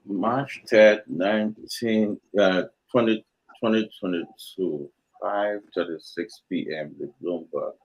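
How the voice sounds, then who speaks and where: A Liberian man, a panel guest in a heated political debate, insistently argues his point and repeats himself when interrupted. His voice is lowish and slightly rough, his pace slow, and the audio poor.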